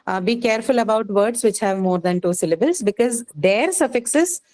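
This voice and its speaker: A woman's voice: fairly high pitch, animated, normal speed, a little mellow, rough recording. A woman teaching a class, patiently explaining and checking that students follow with frequent "okay"s. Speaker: English teacher. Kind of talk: live online class lecture.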